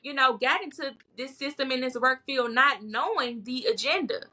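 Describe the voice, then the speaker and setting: A woman's voice: high voice, moderate pace, sharp tone. A woman speaking as a herbalist guest in a casual podcast chat, bold and emphatic, often repeating words to drive a point home.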